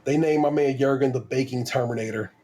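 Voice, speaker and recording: A man's voice: medium pitch, steady tone, brisk, warm tone, a little hiss or hum. Slangy, laid-back male podcast host. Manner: laid-back, slangy and profane, laughs often. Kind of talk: casual chat.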